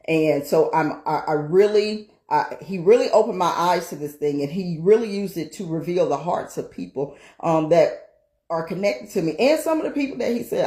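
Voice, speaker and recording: A woman's voice: fairly low pitch, warm tone. A woman minister giving an emphatic, testimony-style sermon. She repeats phrases for emphasis and often checks in with "right?". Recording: roomy echo.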